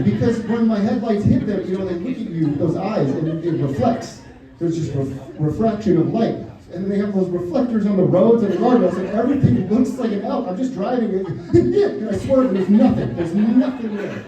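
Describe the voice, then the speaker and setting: Man, stand-up comic, high voice, excitable self-mocking storytelling, very echoey club heard from far off. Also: normal speed, a crowd in the background. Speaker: stand-up comedian. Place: comedy club stage with audience. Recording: echoey club sound from far off with audience laughter.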